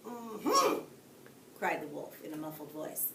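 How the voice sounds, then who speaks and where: Woman teacher reading a bedtime story, very lively up-and-down delivery, echoey room, mic set back. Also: fairly low pitch, normal speed. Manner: expressive, asides to young listeners. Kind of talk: read-aloud storytelling. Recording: echoey room, distant mic, faint hiss.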